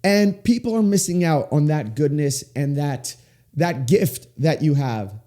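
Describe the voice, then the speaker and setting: A man in his twenties hosting a faith-based solo podcast, talking with big swings up and down in pitch, in a small room with sound panels. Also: animated, a little slow, warm tone. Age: 20s. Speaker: podcast host.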